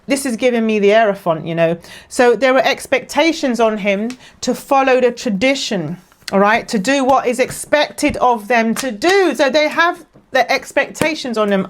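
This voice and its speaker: A woman giving a casual tarot reading to camera, chatty and rambling, with many fillers and restarts, emotional and quick to laugh. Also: fairly high pitch, expressive, slight background noise. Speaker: tarot card reader.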